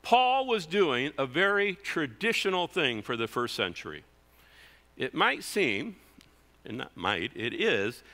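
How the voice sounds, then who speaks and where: A man preaching a sermon as pastor, reading scripture aloud and explaining it in an animated way. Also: on the high side. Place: church sanctuary. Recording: church hall reverb.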